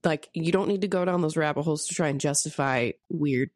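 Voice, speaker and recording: A woman's voice: deep voice, brisk, a little mellow, no echo, clean studio sound. A woman co-hosting a podcast, chatting casually and candidly about parenting and work, swearing freely and telling stories with animation. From St. Louis area. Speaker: podcast co-host; parent of a young daughter. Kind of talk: casual chat.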